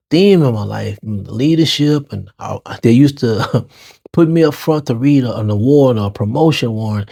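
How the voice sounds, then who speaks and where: A man's voice: medium pitch, darkish tone. New Orleans man telling his story. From New Orleans, Lower Ninth Ward. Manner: casual, street-slang phrasing, talks to listeners as y'all. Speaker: podcast host. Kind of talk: personal storytelling monologue.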